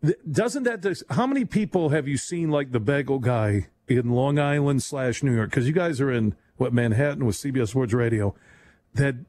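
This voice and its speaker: Animated man hosting late-night radio. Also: mid-range voice. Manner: animated, rambling, laughs often. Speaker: radio show host.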